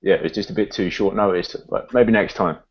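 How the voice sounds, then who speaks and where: A man with a thick English accent from Northamptonshire joins a video call, friendly, laughing and self-effacing. His voice sits a little low. The call audio is dull and lo-fi. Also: brisk, slightly rough. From England. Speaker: caller, guest. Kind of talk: casual video call chat.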